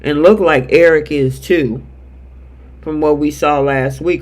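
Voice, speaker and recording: A man with a high voice runs a live soap recap chat. He talks in a casual, animated way, reading out viewer comments and acting out the characters' lines as he goes. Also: measured pace. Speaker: show host.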